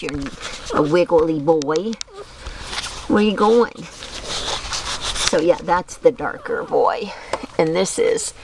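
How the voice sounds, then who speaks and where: Slow, gravelly woman doting on puppies. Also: mid-range voice, background noise. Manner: doting baby talk to the puppies. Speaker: dog owner filming her litter. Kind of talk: casual home video narration. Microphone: handheld camera.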